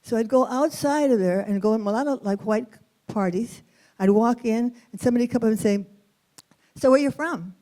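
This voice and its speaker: A woman from East Los Angeles telling a personal story on stage, expressive, with dramatic pauses and acted-out quotes. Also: on the high side, poor audio. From East Los Angeles, USA. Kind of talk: live personal storytelling performance.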